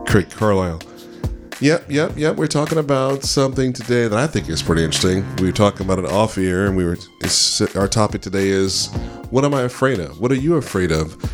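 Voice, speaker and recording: A man hosting a casual family chat show with his sons, leading the talk with questions. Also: fairly low pitch. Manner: leads with questions. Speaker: host and father.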